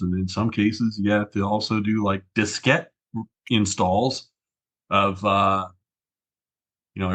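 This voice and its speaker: A man's voice: on the low side, a bit bright. A man, a regular guest on a tech podcast, chatting and reminiscing with many fillers. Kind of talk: casual podcast chat.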